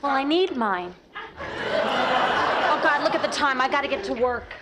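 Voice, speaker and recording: A woman's voice: sits high, expressive, unhurried. An actress playing an evasive, breezy young woman in a sitcom. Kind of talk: sitcom acting. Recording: noisy TV clip.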